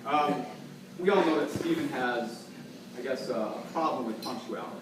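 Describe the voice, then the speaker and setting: A man giving a mocking roast speech at a party, telling stories in a deadpan way into a handheld mic. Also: mid-range voice, moderate pace. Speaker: roast speaker. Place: party room with gathered guests. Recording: roomy, distant mic with room noise.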